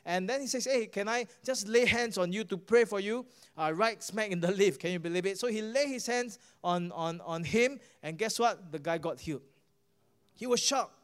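A man's voice: high-pitched, clear, resonant tone. A male pastor with a Singaporean English accent, preaching a sermon and telling a healing story, often asking the crowd "guess what?" and stumbling over repeated words. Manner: animated preaching, asks the crowd "guess what?" and "all right?"; halting restarts and repeated words.

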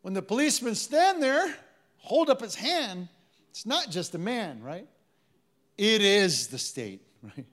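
A man's voice: sits high, very animated, measured pace, a bit bright. A man preaching a sermon to a live congregation, telling stories in a conversational way and calling on the audience to respond. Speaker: pastor.

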